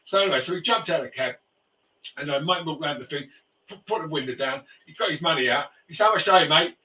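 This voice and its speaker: A man hosting a talk show in a loose, rambling way, stopping and restarting his sentences. His voice sits a bit high and sounds forceful and bright. He is heard from a distance in an echoey room. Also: fast talker, a little hiss or hum. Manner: rambling storyteller, frequent restarts and fillers. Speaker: host. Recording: roomy, distant mic.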